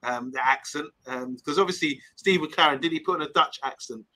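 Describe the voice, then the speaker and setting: A man's voice: a little high, a little fast, sharp tone, rough recording. A man hosting a casual live stream, reading viewer comments aloud and rambling between topics. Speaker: host.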